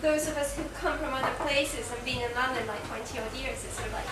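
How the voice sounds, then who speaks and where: High-voiced woman questioning from the audience. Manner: hesitant, halting questions. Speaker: audience member. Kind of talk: asking a question. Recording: echoey room, distant mic, loud noise.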